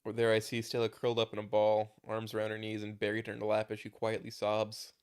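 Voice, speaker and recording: Casting note: a low-pitched male reader narrating a story casually, tripping over a word now and then. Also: completely flat delivery, fast talker, clean tone. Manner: reads with small stumbles and restarts. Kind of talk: casual reading of a fan story.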